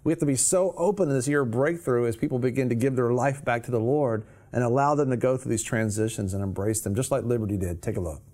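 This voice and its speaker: A man's voice: mid-range voice, fast talker, few pauses, warm tone. A man hosting a TV show, enthusiastically introducing the next segment. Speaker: TV show host.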